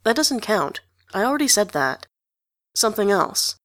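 A woman's voice: medium pitch, sing-song, normal speed, fairly bright tone, dry recording, clean studio sound. A woman voicing an intense, earnest teenage boy who speaks bluntly in a storybook reading. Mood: insistent.

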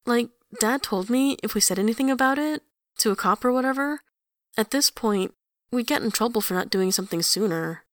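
A woman voicing a restless teenage boy who blurts things out quickly, in an audiobook reading. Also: a little high, lively intonation, no room sound, studio quality, voice pushed up, lightly acted. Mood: uncertain. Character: scrappy young teen boy, blunt and restless.

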